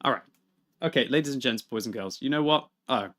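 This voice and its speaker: A man, chatting and laughing through live gaming stream commentary, with excitable outbursts. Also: medium pitch, brisk. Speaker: game streamer.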